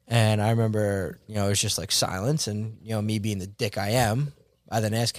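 A basketball coach and teacher tells a story in a casual podcast chat, animated and slangy with some mild swearing. He talks fast in a fairly low voice, and the recording is dry.

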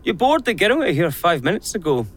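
A man's voice: high voice, sing-song, brisk. An actor playing a cruel, self-pitying man who mockingly threatens a maid in a radio play. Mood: mocking menace.

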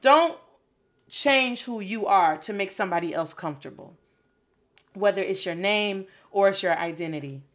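A woman's voice: medium pitch, lively intonation, normal speed. A woman coaching learners in a casual video lesson, encouraging and dropping Spanish phrases into her English.

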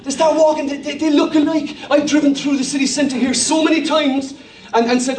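A middle-aged man from Ireland with a Cork accent, preaching a sermon with humorous stories and animated impressions. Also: very high voice, brisk, reverberant, distant mic. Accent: Cork Irish. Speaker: pastor.

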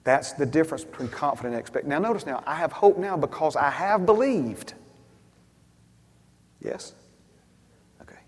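A man preaching a sermon as a story, swinging from hushed asides to loud, emphatic bursts. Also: fairly high pitch, animated, moderate pace, long pauses, breathy edge. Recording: long hall reverb.

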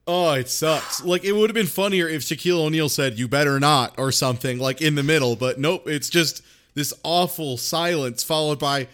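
A man's voice: on the high side, moderate pace, a bit bright. A man on a podcast griping sarcastically about a bad movie scene. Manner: sarcastic, exasperated. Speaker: podcast co-host. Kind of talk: casual movie recap chat.

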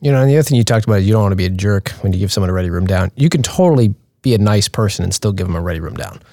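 Male flight unit leader, quick, dark and dry, plain-spoken. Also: on the low side, lively intonation, no echo. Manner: brisk, direct, advising. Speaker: leader of instructor pilots. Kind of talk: roundtable talk.

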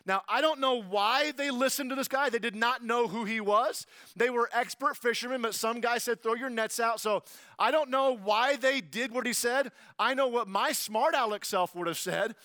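A man preaching a sermon, telling the story with animated, jokey asides that swing from quiet to loud. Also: very high-pitched, normal speed, dry recording. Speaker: pastor.

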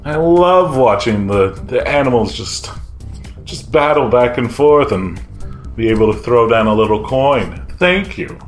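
Man voicing a horned gambler, cheerful, chatty, raised pitch, faint music behind. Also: lively intonation, measured pace, roomy sound, close to an everyday voice. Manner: chatty and upbeat. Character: cheerful horned male gambler who always loses.

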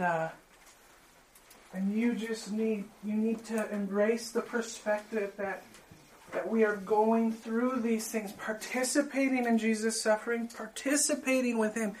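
A man with a strikingly high voice tells his story with fervent emotion. He speaks as a preacher and leads a heartfelt prayer. The sound rings around a roomy, echoing space. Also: darkish tone, slight background noise. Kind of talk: testimony and sermon with led prayer. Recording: roomy echo.

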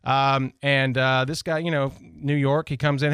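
A man's voice: medium pitch, flat delivery, unhurried, hardly any pauses, a bit bright, smooth, no echo. A man from Tennessee with a Southern accent, telling stories as a radio host in a loose, rambling way with many restarts. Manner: rambling storyteller, frequent restarts and "you know". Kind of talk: casual monologue.

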